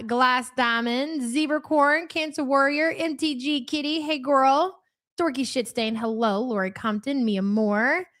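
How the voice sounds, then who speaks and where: A woman's voice: sits high, fairly bright tone. A woman hosting a live stream, greeting chat names one after another in a brash, teasing, casual way. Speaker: livestream host.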